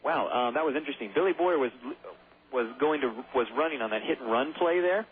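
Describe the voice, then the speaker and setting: A hoarse man calling baseball play-by-play on the radio, chatty and rambling, with self-deprecating asides. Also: a little high, expressive, fairly quick. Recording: tinny phone-like radio broadcast.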